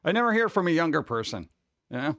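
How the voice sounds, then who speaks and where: A man's voice: fairly high pitch, big pitch swings, fairly quick, fairly bright tone, dull audio, a little hiss or hum. A man chatting casually on a live stream, rambling and joking as he reads chat aloud.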